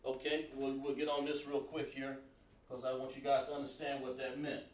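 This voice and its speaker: A man teaches a classroom lesson at a board, explaining things word by word with lots of fillers and repetitions. His mid-range voice is monotone and fairly quick, recorded from far off in an echoey room.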